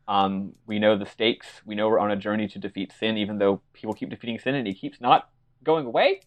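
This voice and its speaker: A man's voice: on the low side, fairly quick, dry recording. Laid-back man hosting a podcast. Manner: laid-back, swears, laughs often. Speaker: podcast host. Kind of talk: casual podcast chat.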